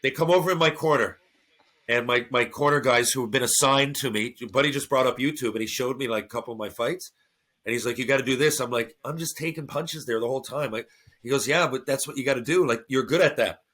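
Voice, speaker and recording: A man, a former hockey enforcer, telling a fight story on a podcast in casual, animated, profane chat. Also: mid-range voice, quick pace. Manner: animated, swearing, acting out his own reactions.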